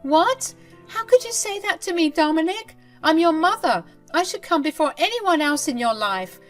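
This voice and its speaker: A woman voicing a spiteful, scheming older grandmother who talks in a shrill, self-pitying, indignant way. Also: expressive, normal speed, a bit bright, faint music behind. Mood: shrill pleading.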